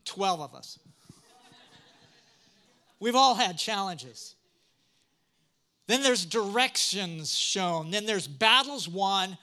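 High, bright-voiced male preacher. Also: drawn-out words, long pauses. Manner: animated, humorous, addresses congregation with questions. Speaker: pastor. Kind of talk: sermon.

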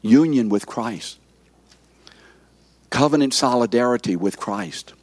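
An older man in his seventies preaches a sermon in a husky voice that swoops up and down. He keeps firing questions at his listeners and waiting for their answers. The sound is dry and close. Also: medium pitch, animated, slow, no echo. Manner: quizzes the congregation with questions. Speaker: pastor. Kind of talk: interactive sermon.

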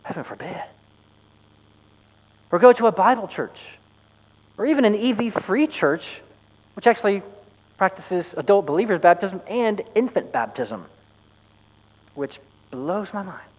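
A man preaching a sermon as pastor, earnest and measured with wry asides. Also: sits high, expressive, a little mellow, long reverb tail, rough recording.

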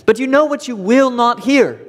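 A man preaching a sermon to his church, emphatic and deliberate, repeating key words for weight. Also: extremely high pitch, big-room sound. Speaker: pastor. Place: church sanctuary.

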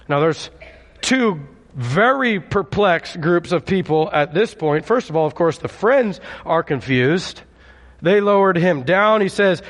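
A man's voice: fairly high pitch, measured pace, in a large hall. A male pastor preaching a conversational sermon and calling on his congregation for responses. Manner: conversational, calls for audience response.

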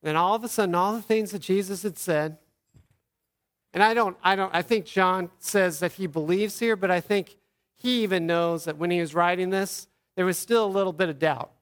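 A man, a pastor, giving an Easter sermon, telling the story earnestly and acting out quoted lines softly. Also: high-pitched, normal speed.

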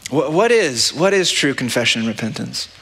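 A man's voice: mid-range voice, sing-song, normal speed, vocal fry, a bit bright, slightly rough. A man preaching a sermon as pastor, talking in a conversational, practical way and often checking in with the listeners by asking "right?". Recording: long church-hall reverb.

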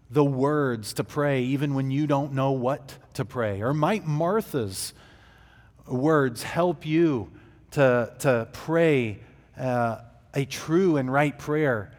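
Man, pastor, sermon, unhurried delivery, long hall reverb. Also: on the high side, darkish tone. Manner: measured preaching with fillers and restarts.

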